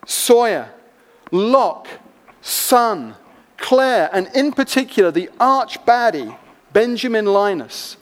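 A man preaching a sermon, telling a story in an animated, expressive way. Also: high-pitched. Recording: long echo of a large hall.

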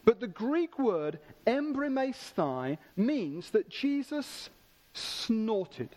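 A man preaching a sermon with enthusiasm, slowing down to stress key words. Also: extremely high pitch, big pitch swings, darkish tone.

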